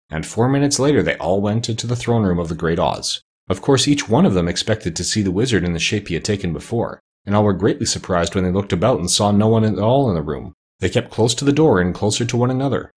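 A man narrating a storybook in an expressive, measured reading. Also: on the low side, husky.

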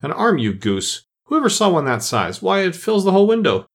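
A man's voice: high-pitched, big pitch swings, brisk, vocal fry, voice pushed up, full character voice. A man voicing a fussy, bossy male rabbit who scolds his servants in a storybook. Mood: scolding. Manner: impatient, scolding, commanding.

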